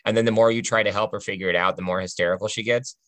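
Bright-voiced man telling a personal faith story. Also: fairly low pitch, fairly even intonation, very fast, no room sound. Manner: earnest, conversational, often adds "right?".

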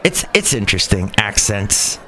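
A man's voice: lowish voice, very animated, moderate pace, pushed and bright. Brief: chatty Californian man, wry solo podcast host, traffic noise in the background. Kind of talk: casual rambling monologue.

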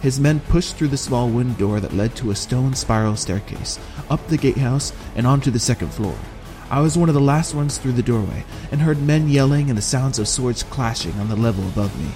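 A man narrating a fantasy audiobook in the first person, with steady, measured storytelling. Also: medium pitch, faint music behind.

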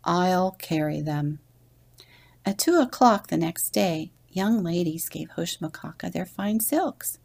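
A woman deacon reads a children's story aloud in a slow, gentle manner. Her voice is low and gravelly, with a dark, mellow tone. Now and then she drops into a husky whisper. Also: animated. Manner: gentle read-aloud narration with whispered passages. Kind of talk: storybook reading.

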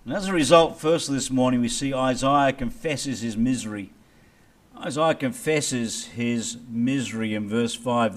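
Pastor preaching with dramatic swings. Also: male voice, mid-range voice, measured pace. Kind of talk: sermon.

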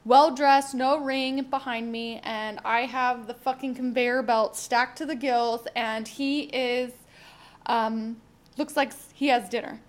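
A woman's voice: on the high side, fairly even intonation, slow pace. A young woman talking candidly on her own podcast, rambling and swearing freely as she thinks aloud. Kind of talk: casual solo podcast monologue.

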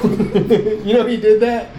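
A man's voice: high voice, level tone, takes it slowly, mellow. A man hosting a podcast, chatting casually, crude and joking while reading news stories aloud. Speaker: podcast host. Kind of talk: casual chat. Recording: echoey room, faint background noise.

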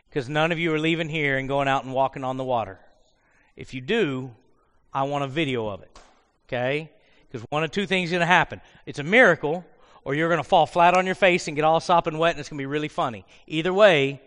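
A high-voiced male pastor preaches in an animated, storytelling way and slips into acted-out voices. His voice carries a long reverb from the church hall. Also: brisk. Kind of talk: sermon. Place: church sanctuary.

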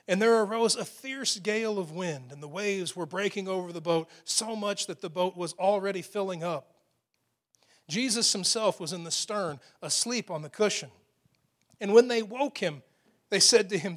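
High-voiced man preaching with emphasis. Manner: emphatic preaching, dropping to hushed tones for quoted lines. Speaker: pastor. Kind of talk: sermon. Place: church with a loud PA system.

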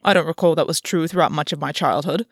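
A woman's voice: sits low, fast, slightly rough, no echo, studio quality. A woman reading a stoic, formal fae lord. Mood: cold, defensive. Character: proud, weary male fae lord, reserved.

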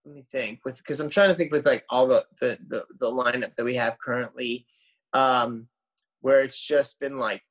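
A man's voice: mid-range voice, steady tone, moderate pace, fairly bright tone. A man, a musician guest, telling tour stories in casual podcast chat, rambling with lots of fillers and restarts.

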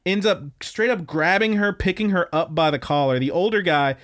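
Young guy on a podcast, kinda high voice, rambling and swearing while he recaps an anime. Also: fairly quick. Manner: laid-back, rambling, profane, with animated quoted voices. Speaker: podcast co-host. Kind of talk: casual chat, recapping anime episodes.

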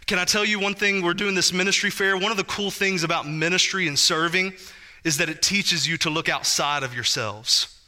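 Male pastor, thirties, high bright voice, animated conversational sermon. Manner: animated, conversational preaching with asides to the congregation.

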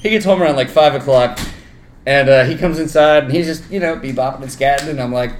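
A young man telling an animated, profane story in casual podcast chat, acting out the voices of the people in it. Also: mid-range voice, fast. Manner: animated storyteller, swears freely, acts out quoted voices. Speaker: podcast co-host. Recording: echoey room with faint noise.

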